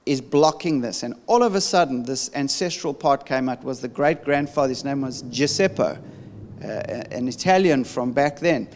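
A man's voice: mid-range voice, long reverb tail. A man and church minister teaching in a casual conversational way, telling stories with frequent restarts. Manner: animated storytelling with many restarts. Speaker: deliverance minister.

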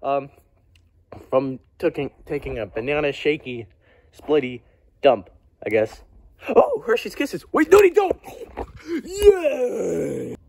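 A man's voice: medium pitch, very animated, slow pace, gravelly, pauses often, a little mellow, full character voice. A man voicing a goofy plush cowboy toy in a homemade plush skit, rambling and stumbling over his words. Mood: cheerful.

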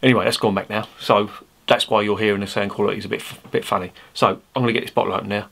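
Direction: blunt, rambling man, lower voice. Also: fairly even intonation, racing, gravelly, fairly bright tone. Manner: blunt, swears freely, chatty and self-mocking. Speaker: beer reviewer. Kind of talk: casual rambling review. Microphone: his original microphone, not a clip-on.

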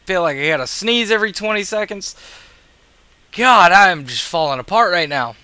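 Tired male gamer with a bright, slightly high voice, recorded dry, swearing through casual gameplay commentary. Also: animated, normal speed, smooth, dry recording. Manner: profane, grumbling, sarcastic. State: tired and yawning. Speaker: gaming video creator.

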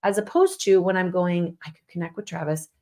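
Animated woman co-hosting a podcast. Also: fairly low pitch, a little fast. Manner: animated, emphatic, laughs often. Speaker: podcast co-host. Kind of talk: casual conversation with spouse.

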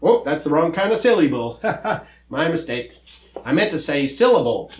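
A man's voice: fairly high pitch, sing-song, moderate pace, reverberant, a little hiss or hum. A man playing a good-natured cowboy teacher who explains word parts with a folksy drawl and corny jokes. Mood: friendly. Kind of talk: children's comedy skit.

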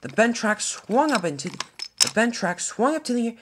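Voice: medium pitch, sing-song, fairly quick, fairly bright tone, slight background noise. A storyteller narrating a homemade toy-train adventure, with frequent slips and restarts.

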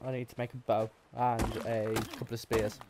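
A man's voice: mid-range voice, flat delivery, normal speed, vocal fry, very noisy. A man giving let's-play commentary, frustrated and swearing often as he plays, muttering to himself. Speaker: gaming YouTuber. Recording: game music playing behind. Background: game music.

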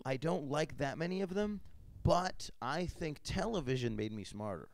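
A man's voice: on the high side, moderate pace, no echo. A man hosting a podcast in casual chat, rambling and joking as he tells stories and acts out voices. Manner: rambling, animated storyteller who jokes and acts out voices. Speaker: podcast host.

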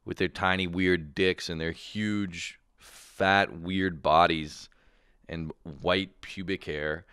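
A man hosting a comedy podcast, telling a profane, animated solo rant with quick voiced impressions. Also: low voice, clean tone, dry recording, studio quality.

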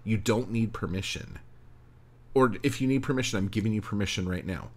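A man's voice: fairly low pitch, fairly quick. A man hosting his own podcast, talking casually and bluntly to listeners, swearing often and cheering them on. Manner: profane, blunt, encouraging. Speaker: podcast host. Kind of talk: casual solo podcast chat.

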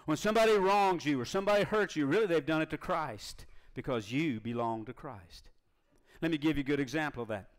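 A man preaching a sermon as pastor, drawing out scripture verses slowly for emphasis. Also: on the high side.

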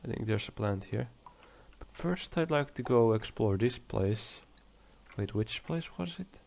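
A man's voice: on the low side, animated, unhurried, vocal fry, a little mellow. A young man casually commenting on his own gameplay, musing aloud in a chatty, hesitant way. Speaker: let's play gamer. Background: game music.

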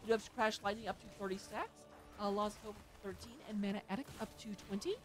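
A woman casting an amateur esports match with play-by-play commentary, chatty and excitable, with joking asides. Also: mid-range voice, quick pace, over music. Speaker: esports caster.

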